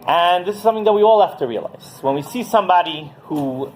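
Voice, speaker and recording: A man teaching as a rabbi, telling a story in a lively way and often asking "right?" as he goes. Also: high voice, quick pace, slight background noise, poor audio. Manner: animated, keeps asking "right?". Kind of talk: Torah class storytelling.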